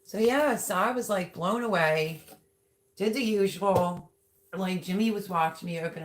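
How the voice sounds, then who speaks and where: A woman with a slightly low voice chatting on her own livestream. She gushes warmly and talks to viewers as she reads their comments aloud. Her delivery is loose and conversational. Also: a little slow. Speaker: livestream host. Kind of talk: casual livestream chat.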